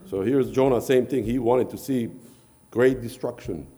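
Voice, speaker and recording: A man delivers a sermon in a mellow, dark voice. He retells scripture with old-fashioned phrasing and often stumbles back over his words. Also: mid-range voice, moderate pace. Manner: retelling scripture with archaic quotes and repeated words. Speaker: preacher.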